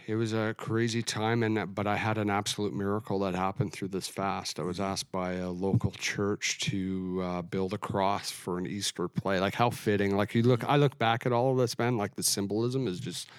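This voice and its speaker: Middle-aged man, low voice, dry close sound; earnest, halting testimony-style storytelling. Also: flat delivery, clear, resonant tone, no echo. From Alberta, Canada. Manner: earnest, reflective, halting with restarts. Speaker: guest sharing testimony. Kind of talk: personal testimony in interview.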